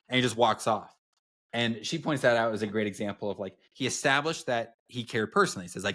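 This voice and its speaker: A man's voice: lowish voice, quick pace, fairly bright tone. A young man co-hosting a podcast, telling stories in casual chat with many fillers and restarts. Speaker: podcast co-host.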